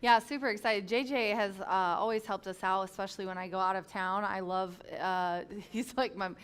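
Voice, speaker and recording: A woman co-hosts a horse racing show in casual, upbeat chat. Her voice is smooth and clear at a middle pitch, and she laughs easily as she talks. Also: steady tone, moderate pace, a bit bright. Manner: chatty, upbeat, laughs often. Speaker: racing program host and handicapper.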